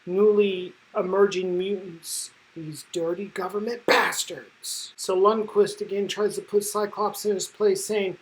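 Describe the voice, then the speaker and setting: A woman's voice: mid-range voice, fairly even intonation, unhurried, few pauses, poor audio. A woman giving casual, enthusiastic commentary as a comic book reviewer, slangy and full of fillers.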